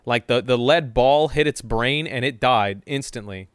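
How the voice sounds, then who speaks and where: A man's voice: mid-range voice, a little slow, a bit bright, clean tone, no room sound. A man streaming a game live, joking and swearing while reading the game text aloud. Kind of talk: casual live-stream gaming chat.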